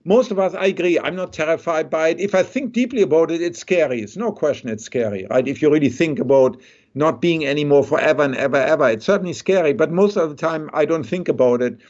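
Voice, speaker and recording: Man, rather high voice. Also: fast talker, a little mellow. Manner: thoughtful, explains with many rhetorical "right?". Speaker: neuroscientist guest. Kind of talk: conversational interview. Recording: dull lo-fi sound.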